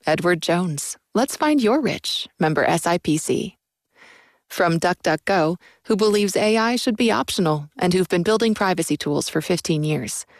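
A female station announcer reading sponsor messages in a smooth, unhurried way into a close studio mic. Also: fairly low pitch, lively intonation, no room sound.

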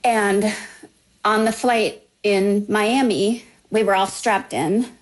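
A middle-aged woman slowly telling a personal story in a halting, heartfelt way. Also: mid-range voice, steady tone, low-quality recording. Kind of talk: personal story told to a podcast.

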